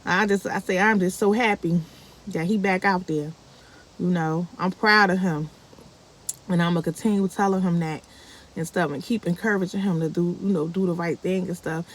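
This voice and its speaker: A woman vlogger, telling a family story casually to her viewers and acting out the quoted lines. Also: normal speed. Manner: animated, acts out quoted speech with big pitch jumps.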